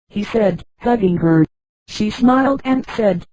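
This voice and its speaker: A woman's voice: medium pitch, unhurried, dark tone, dry recording, low-quality recording. A woman narrating a story, reading punctuation marks aloud as words.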